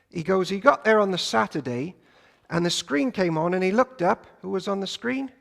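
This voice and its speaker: A man preaches in a high, heavily gravelly voice, moving from loud to hushed as he tells a story. His sermon rings with the long reverb of a church hall. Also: animated, normal speed.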